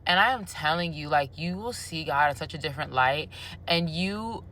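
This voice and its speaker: Low, bright-voiced woman sharing faith testimony. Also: expressive, normal speed, a little hiss or hum. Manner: emotional and earnest, calls the listener honey and baby. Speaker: faith vlogger. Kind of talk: casual testimony to camera.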